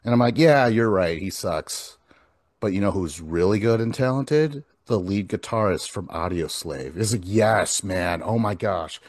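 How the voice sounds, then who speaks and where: Animated storytelling man, dry sound. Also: lowish voice, unhurried, dry recording. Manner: animated storytelling, swears a lot. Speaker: podcast host. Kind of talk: casual chat.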